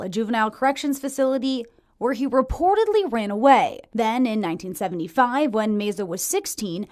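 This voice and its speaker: A woman reporter narrates a televised crime segment. Her voice sits a little high and rises and falls a lot. She reads in a crisp, measured news manner.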